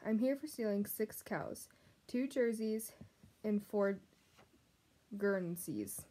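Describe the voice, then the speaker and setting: A woman voicing a remorseful old male prisoner with plain, rough country speech. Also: medium pitch, lively intonation, slow pace, warm tone. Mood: confessing.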